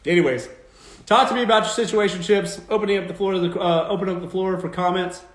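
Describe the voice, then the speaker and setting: In an echoey room, a fast-talking man with a high voice hosts a live stream, delivering blunt, emphatic dating advice. He swears freely and mocks quoted voices as he rants.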